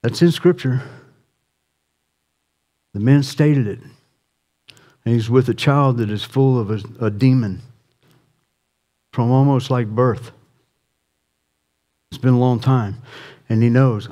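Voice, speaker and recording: Impassioned male pastor, mellow voice. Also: mid-range voice, slow pace, pauses often. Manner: impassioned, rising to near shouting then dropping soft. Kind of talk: sermon.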